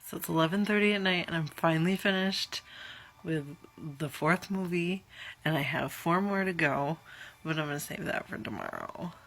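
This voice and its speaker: A woman's voice: sits low, animated, moderate pace, a bit bright. A woman in her twenties chatting through a casual reaction vlog, dramatic and giggly, and tired. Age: 20s. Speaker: vlogger.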